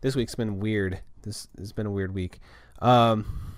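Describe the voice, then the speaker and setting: A man's voice: lowish voice, measured pace, fairly bright tone, no room sound, clean studio sound. A young man hosting his own show, rambling casually through food tips and a story about his week, swearing now and then. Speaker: podcast host.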